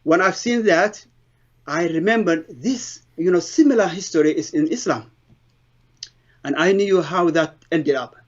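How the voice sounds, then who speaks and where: Halting middle-aged man. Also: fairly high pitch. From Somalia. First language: Somali. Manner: halting, earnest storytelling with broken English grammar. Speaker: interviewee giving a testimony. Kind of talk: personal conversion testimony. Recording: dull lo-fi sound.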